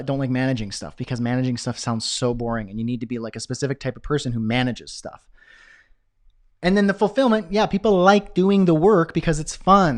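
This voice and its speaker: Energetic man teaching a live webinar. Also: a little high. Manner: energetic, chatty, self-deprecating asides. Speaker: online business course instructor.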